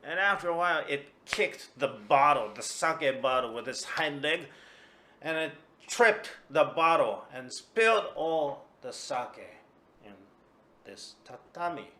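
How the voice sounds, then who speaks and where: A man's voice: medium pitch, takes it slowly, fairly bright tone. A man voicing a drunk, sheepish man who stammers out excuses. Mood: agitated. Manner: stammering, hesitant.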